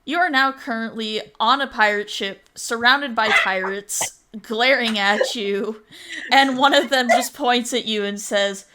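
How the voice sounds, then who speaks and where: A woman game master narrates a tabletop game at a slow, easy pace, describing the scene and asking for checks. Her voice is bright and clear, mid-pitched. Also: slight background noise. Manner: unhurried, descriptive, calls for rolls.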